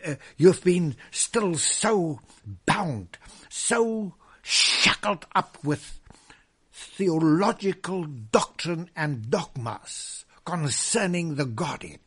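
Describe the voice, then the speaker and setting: A man preaching a sermon, swinging from loud proclamation to hushed whispers and drawing out scripture verses emphatically. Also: a little high, sing-song, slightly rough. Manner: drawn-out emphatic reading of scripture.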